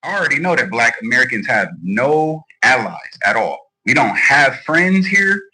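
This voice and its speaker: A man's voice: medium pitch, big pitch swings, normal speed, sharp tone, slightly rough, low-quality recording. A man giving blunt, defiant video commentary straight to his viewers. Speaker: online commentator.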